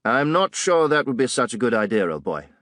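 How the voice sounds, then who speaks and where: A man's voice: mid-range voice, very animated, a little fast, a bit bright, dry recording, clean studio sound. A man voicing a pompous, condescending colonial police officer in an audiobook, with a drawling, superior manner.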